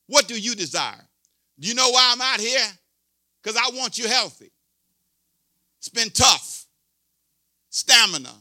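With a high, piercing voice, a sixty-something pastor preaches a sermon, swinging between soft asides and loud exhortation while stressing repeated words and calls for response. The recording is dry and close, without any room sound.

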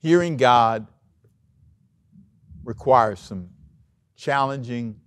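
A male pastor preaching a sermon, animated, acting out the scripture story with big swings in loudness. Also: medium pitch, extremely slow, no room sound.

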